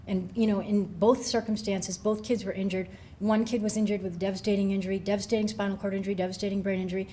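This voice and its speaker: A woman's voice: medium pitch, flat delivery, quick pace, mellow. A middle-aged woman speaks from a podium as a researcher addressing a room of coaches. Her talk is loose and conversational, with frequent ums and restarts. Her voice sits in a middle range, with a faint hiss in the room behind her. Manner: conversational, many fillers and restarts. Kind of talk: conference talk.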